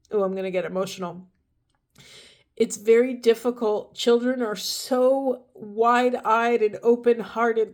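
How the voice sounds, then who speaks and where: Brief: woman, mid-pitched, earnest and heartfelt, talking viewers through a spiritual card reading. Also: darkish tone. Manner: earnest, emotional, spiritual, speaks directly to viewers. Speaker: tarot and oracle card reader.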